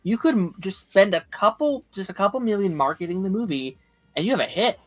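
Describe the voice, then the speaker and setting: A man's voice: high-pitched, animated, brisk. A man on a casual talk panel, making his point in long, rambling sentences. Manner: rambling, lots of "like" fillers.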